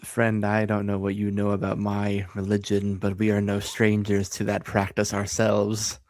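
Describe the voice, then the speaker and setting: A sarcastic, pious saint in a tabletop adventure, played by a man. His voice sits low and he speaks calmly, with dry wit. The sound is close and dry, with no room echo. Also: moderate pace, natural voice. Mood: wry. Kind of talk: in-character tabletop role-play.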